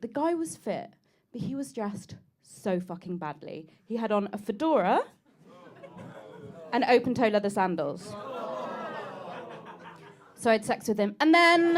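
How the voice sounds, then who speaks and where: A woman's voice: a little high, very animated, unhurried, pauses often. A woman, doing a chatty, self-mocking stand-up set and teasing the crowd in a comedy club. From England. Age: 30s. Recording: live club recording with audience noise.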